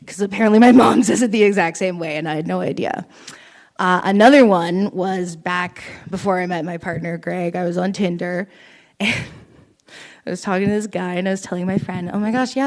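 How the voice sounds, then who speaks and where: A woman's voice: lowish voice, fairly even intonation, brisk, darkish tone. A young woman from Canada doing a stand-up set at a small open mic, telling rambling, self-deprecating stories with frequent giggles.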